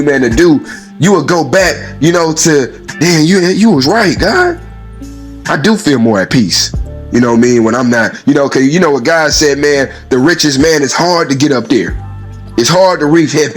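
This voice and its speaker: A man with a notably high speaking voice rambles through casual stories in an animated, expressive way. He slips into acted-out voices for the people he quotes and laughs between lines. Faint music sits underneath. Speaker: speaker in a played clip. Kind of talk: casual storytelling monologue.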